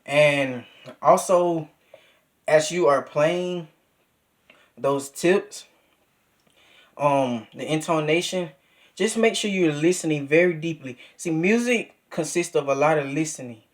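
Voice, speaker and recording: A man's voice: fairly high pitch, takes it slowly, pauses often. A young man giving a casual trumpet lesson, coaching directly and counting beats aloud. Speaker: music teacher.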